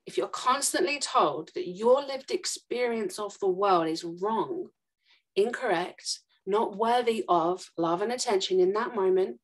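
A woman explaining ideas quickly and emphatically as a podcast guest, acting out short examples. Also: mid-range voice. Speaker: podcast guest, trauma expert.

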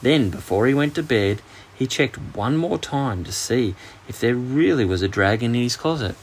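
A man with an Australian accent narrating a children's bedtime story with expressive storytelling. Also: mid-range voice, normal speed, a little hiss or hum.

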